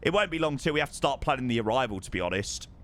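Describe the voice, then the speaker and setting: A man streaming live over a flight simulator, effusive and excitable, thanking his chat again and again. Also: medium pitch, very fast. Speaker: livestreamer.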